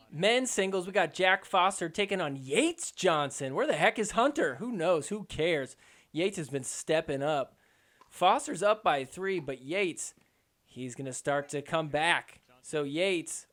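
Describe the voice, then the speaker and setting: Excitable joking podcast host, man. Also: on the high side. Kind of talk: casual sports recap commentary.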